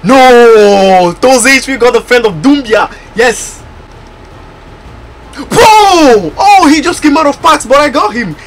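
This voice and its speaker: Man, very high voice, swooping lively pitch, excitable, loud outbursts, game pack-opening commentary. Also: moderate pace, hardly any pauses, slight background noise. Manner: excitable, bursts into loud exclamations. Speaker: gaming YouTuber.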